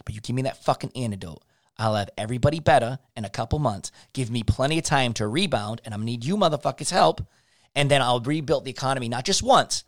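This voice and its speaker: A man's voice: mid-range voice, dry recording, clean studio sound, lightly acted. A man putting on the voice of a boastful, profane male president laying out a scheme.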